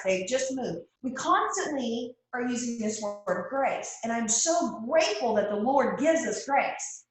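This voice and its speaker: A woman from Texas, speaking with a Texan accent, guest-hosts a motivational team talk in a chatty manner, repeating phrases for emphasis. Her voice is a little high and expressive, at a measured pace with few pauses. The room is very echoey.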